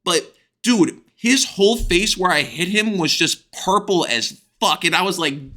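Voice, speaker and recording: A young man from the United States telling a crude, excitable storytime with plenty of swearing. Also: high voice, unhurried. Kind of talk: animated storytime vlog.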